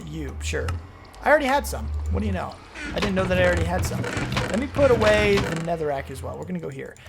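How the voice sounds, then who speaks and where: A man commenting on his own gameplay as he plays, rambling through explanations and breaking into panicky, excitable outbursts. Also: high-pitched. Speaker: gaming video host.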